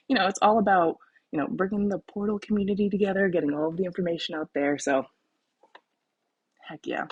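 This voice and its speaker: A woman with a Southern American accent chats casually as host of a live stream, laughing at herself as she goes. Her voice is husky and a little low. The sound is dry and close. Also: no echo. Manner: chatty, laughing, self-deprecating. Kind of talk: casual livestream chat.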